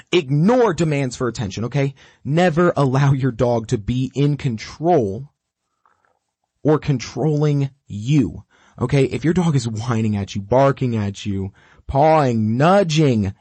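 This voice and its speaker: A man's voice: medium pitch, breathy edge, no room sound. A man teaching dog training, coaching step by step in a direct, repetitive way and acting out what the dog thinks. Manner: animated, acts out the dog's thoughts. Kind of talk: instructional talk.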